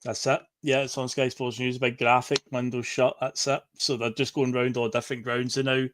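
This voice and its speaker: A man's voice: medium pitch, flat delivery, normal speed, a bit bright, a little hiss or hum. A man co-hosting a football podcast over a video call, chatting easily and often chiming in with short agreements. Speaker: podcast co-host.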